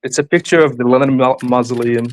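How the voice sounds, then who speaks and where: A man's voice: mid-range voice, fairly even intonation, fast talker, a little mellow. A man calling into an online debate, evasive and teasing, often laughing. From Kurdish from Turkey. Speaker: caller.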